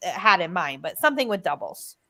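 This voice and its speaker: A woman's voice: fairly low pitch, very animated, brisk, bright, forceful tone, slight background noise. A woman co-hosting a reading stream, chatting casually and with enthusiasm about old TV shows. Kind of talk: casual chat.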